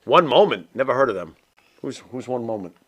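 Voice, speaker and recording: A man's voice: mid-range voice, animated, a little fast, a bit bright, breathy edge, lo-fi sound. A man co-hosting a wrestling talk show, cracking jokes and teasing in casual banter. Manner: wisecracking, teasing. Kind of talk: joking podcast banter.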